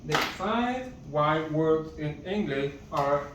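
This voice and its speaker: A man giving a casual vocabulary lesson, halting and searching for words as he lists them one by one. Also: on the high side, animated, fairly bright tone, a little hiss or hum. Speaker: language teacher. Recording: echoey room, distant muffled mic.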